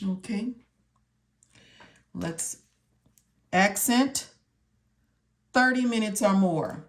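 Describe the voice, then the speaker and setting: Slight background noise accompanies a woman speaking slowly in a medium pitch, leaving long pauses. She's giving a step-by-step medical coding tutorial, repeating key words and raising questions that she then answers.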